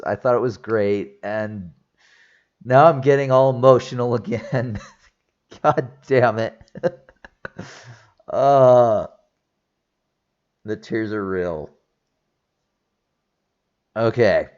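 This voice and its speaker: A very low-pitched, slightly mellow man recaps a film slowly, giving a casual spoiler review as a movie reviewer. He rambles with fillers and restarts, sounding teary-eyed and emotional, on dull, lo-fi audio.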